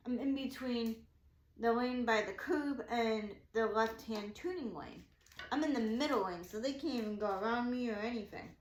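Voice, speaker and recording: A woman chats through a story in a loose, rambling way, leaning on "like" and acting out what everyone said. Her voice sits a bit high. The room gives it a noticeable echo. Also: moderate pace. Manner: animated, rambling, heavy use of "like". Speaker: craft shop vlogger. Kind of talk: casual storytime chat.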